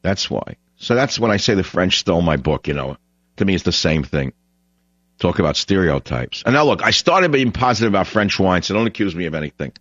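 Low-voiced blunt radio host, lo-fi. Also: male voice, animated, brisk, a bit bright, dry recording. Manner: blunt, opinionated, rambling with restarts. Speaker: radio talk show host. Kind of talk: talk radio monologue.

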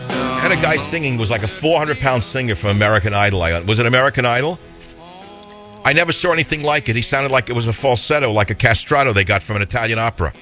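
A man's voice: on the low side, a bit bright, highs cut off. A man with a heavy New York accent hosting a talk radio show, opinionated and rambling in a blunt monologue.

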